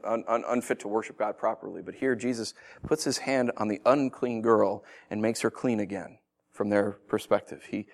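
A man's voice: on the low side, gravelly. A man preaching a sermon, reading scripture and acting out the people in it with laughs. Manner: animated, acts out voices with laughs. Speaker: pastor.

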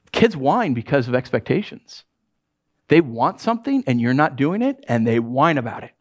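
A male pastor preaching a sermon in a lively, joking way, often putting on voices for quotes. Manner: animated, acts out quotes in high voices, jokes with congregation.

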